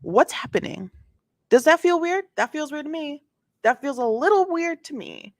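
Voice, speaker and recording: A woman's voice: high-pitched, very animated, normal speed, darkish tone, dry recording, studio quality. A woman commentating casually on a court case, reading filings aloud and reacting with chatty asides and frequent restarts. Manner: reads documents aloud, then reacts with sass.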